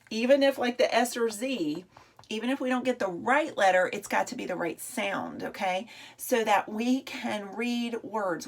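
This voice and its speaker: Woman, kindergarten teacher at home; coaxing, sing-song delivery, slow stretched sounds, mid-pitched voice. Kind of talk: remote reading lesson for young children.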